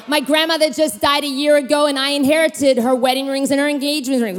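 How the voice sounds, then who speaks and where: A woman preacher in her thirties telling personal stories in an animated sermon, acting out voices and leaping in pitch. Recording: long hall reverb.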